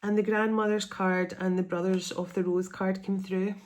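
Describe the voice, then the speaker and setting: Woman doing a tarot reading, earnest and kinda teary, stretches out the big words, ordinary middle pitch. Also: level tone, normal speed, a little mellow. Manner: emotional, close to tears. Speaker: tarot reader. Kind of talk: spiritual tarot reading to camera.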